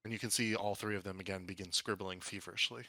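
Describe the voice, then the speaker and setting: A man narrating as game master in a tabletop game, halting and restarting as he goes. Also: low voice, fairly even intonation, bright, forceful tone, no room sound.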